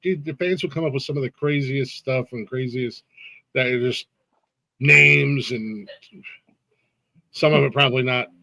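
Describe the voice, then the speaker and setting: A man's voice: mid-range voice, a little slow, gravelly, long pauses, pushed and bright, dry recording. A man hosting a casual live-stream interview, laid-back and laughing often, with lots of restarts and fillers. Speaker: podcast host.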